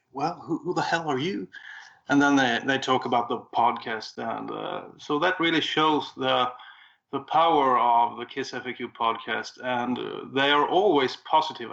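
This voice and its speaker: A man's voice: medium pitch, gravelly, sharp tone. A man chatting casually as a regular podcast guest, telling a story in an easygoing way with frequent fillers. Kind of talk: casual chat. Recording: dull lo-fi remote audio.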